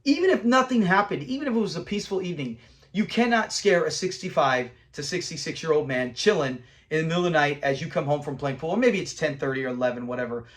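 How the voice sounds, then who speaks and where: A man hosting a casual episode review, animated and acting out lines from scenes. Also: on the high side, quick pace. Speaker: show host reviewing episodes.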